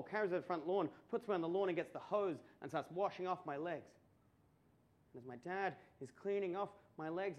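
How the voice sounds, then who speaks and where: An Australian man doing stand-up storytelling, swearing, stammering through restarts and building to loud punchlines. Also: a little high, highs cut off. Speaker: stand-up comedian. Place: comedy club stage before a laughing audience.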